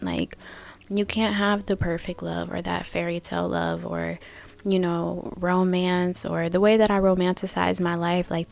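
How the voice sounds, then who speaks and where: A woman's voice: lowish voice, creaky, darkish tone. A young adult woman hosting a reflective spiritual podcast, musing casually and thinking aloud with many fillers. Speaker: podcast host.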